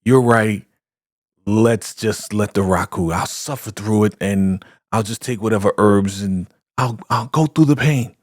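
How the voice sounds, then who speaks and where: A man voicing a fawning, scheming woman cult leader in a sugary falsetto. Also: a little slow, dry recording, studio quality.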